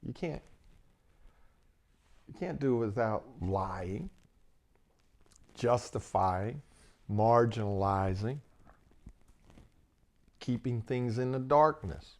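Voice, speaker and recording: A man's voice: medium pitch, animated, slow, pauses often, darkish tone. A man, a minister and coach hosting his channel, telling stories in a rambling, filler-heavy way and laughing often. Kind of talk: casual storytelling talk.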